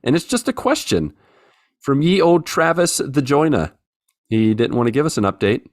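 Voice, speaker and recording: A man's voice: mid-range voice, very animated, normal speed, dry recording, clean studio sound. A man co-hosting a podcast, chatting casually and joking as he reads out listener messages. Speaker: podcast co-host. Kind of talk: casual chat.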